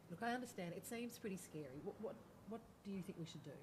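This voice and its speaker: A woman playing a calm, reassuring friend. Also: medium pitch, fast, noisy background, lightly acted. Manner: gentle, patient, reassuring. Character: calm supportive friend talking someone down.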